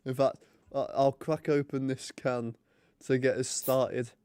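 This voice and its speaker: A man's voice: mid-range voice, little pitch movement, a little slow, a little mellow, smooth, dry recording. Chatty man, dry close sound. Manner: chatty, joking. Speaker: streamer hosting a hockey watch party. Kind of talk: casual live commentary and chat.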